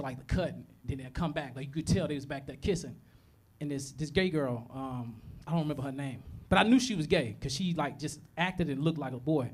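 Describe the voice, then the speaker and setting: A man's voice: a little high, breathy edge. A young man doing a stand-up comedy set, telling profane stories, acting out voices and laughing at his own jokes. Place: comedy club stage.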